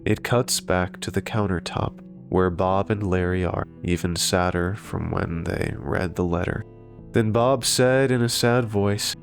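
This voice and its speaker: A man narrating a horror story in a slow, deliberate scripted delivery. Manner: slow, deep and gravelly delivery. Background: faint guitar music.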